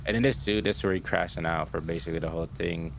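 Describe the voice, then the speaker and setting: Talking fast in a low, creaky voice, a young podcast co-host retells an anime episode with slight noise in the background. He performs the characters' dialogue, tossing in "yo" and constantly asking "right?"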